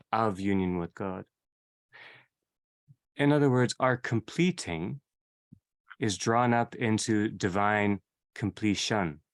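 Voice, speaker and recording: Male seminar leader, slightly low pitch, measured reflective delivery, circles back on his own phrases. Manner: repeats and rephrases, unhurried. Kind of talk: reflective theology lecture.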